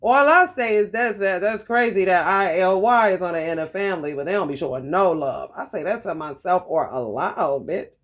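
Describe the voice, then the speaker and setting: Profane, animated woman tarot reader. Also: lowish voice, normal speed, few pauses. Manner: animated, profane, frequent laughter, talks to viewers directly. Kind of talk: casual profane tarot reading monologue.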